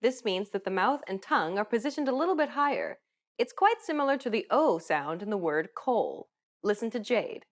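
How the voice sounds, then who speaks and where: A woman with a fairly high voice narrates a pronunciation lesson from a script. She explains each sound in a clear, even instructional manner. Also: moderate pace.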